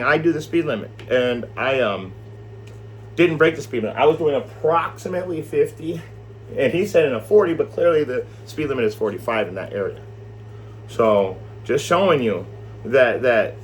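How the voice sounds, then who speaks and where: Animated, profane preacher man. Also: mid-range voice, a little hiss or hum. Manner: animated, profane, rambling storytelling. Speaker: Bible study teacher. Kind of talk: informal scripture teaching.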